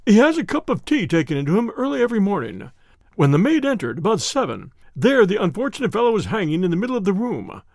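Guy doing a rattled frantic doctor, voice up high, jumpy. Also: huge pitch swings, a little mellow, dry recording, studio quality, full character voice. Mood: shaken. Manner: agitated, rushed. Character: shaken, frantic male doctor.

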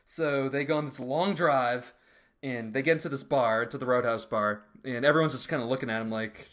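A man's voice: medium pitch, steady tone, fairly quick, fairly bright tone. A man recapping a film in casual, crude podcast chat, joking and mimicking characters. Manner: crude, joking recap with mocking quoted voices. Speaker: podcast co-host.

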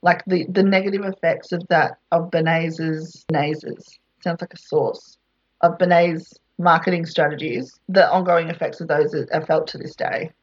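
A woman's voice: fairly low pitch, steady tone, moderate pace, breathy edge. A woman in casual chat, telling stories animatedly and swearing casually. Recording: slightly dull lo-fi sound.

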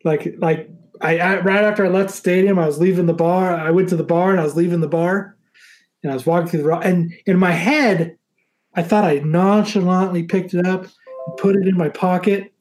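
High-voiced man telling a rowdy story. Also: fairly quick. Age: adult, married. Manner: animated, swears freely, laughs often. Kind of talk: casual storytelling chat.

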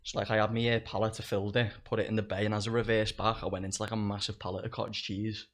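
A man's voice: fairly low pitch, flat delivery, fast, a bit bright. A young man, a comedian guest on a podcast, telling stories in casual chat, swearing freely and laughing as he goes. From England. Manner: laughs through his stories, swears a lot.

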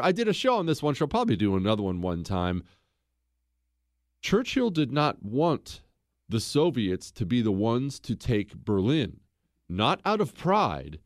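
A man hosts a history show in a casual, storytelling way. He talks slowly and his pitch leaps all over as he mocks the figures he describes. The sound is dry and close. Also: no room sound. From United States. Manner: sarcastic, animated, acts out quotes. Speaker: podcast host.

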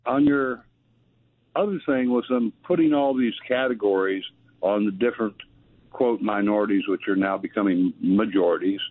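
Halting male caller on a tinny phone line. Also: on the low side, no room sound. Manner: rambling, halting with fillers. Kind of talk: phone-in chat.

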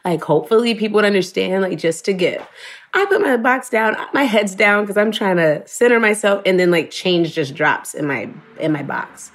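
A woman's voice: mid-range voice, animated, moderate pace. A woman telling an emotional personal story in an earnest, conversational way, full of "like" and quoting her own thoughts. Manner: earnest, emotional, fillers of "like", quotes herself.

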